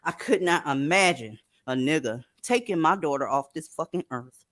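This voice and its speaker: A middle-aged woman hosting a heated commentary, emphatic and profane, swinging between loud and soft. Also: deep voice, expressive, normal speed. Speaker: host. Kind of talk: heated commentary on a news clip.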